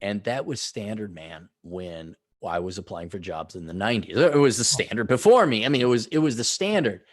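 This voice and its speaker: Dry-sounding middle-aged man, measured. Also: lowish voice, expressive, no echo. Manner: measured, with frequent filler hesitations. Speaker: podcast guest. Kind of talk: casual chat. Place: at home. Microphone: own microphone over video call.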